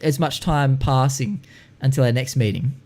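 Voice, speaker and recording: A man's voice: mid-range voice, normal speed, darkish tone, slight background noise. A man hosting a podcast, cheeky and teasing in casual chat. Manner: cheeky and teasing, laughing often. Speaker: podcast host.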